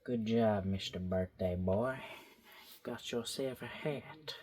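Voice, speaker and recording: A man's voice: lowish voice, slow pace, a little mellow. Young man rambling while drawing. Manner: rambling, self-talking, playful. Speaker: vlogger drawing. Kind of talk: casual drawing commentary. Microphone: phone.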